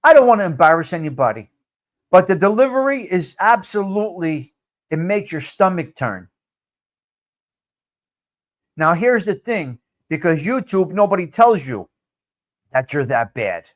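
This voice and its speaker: A man's voice: high-pitched, big pitch swings, moderate pace. A man hosting a live stream, answering viewer comments in a blunt, profane, repetitive rant. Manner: blunt and fired up. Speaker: live-stream show host.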